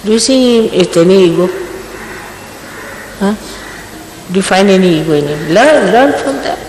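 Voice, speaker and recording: A woman's voice: medium pitch, animated, moderate pace, darkish tone, slight background noise. An older woman, a spiritual teacher, giving an emphatic, scolding talk to her followers, full of rhetorical questions. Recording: echoey hall, archival recording.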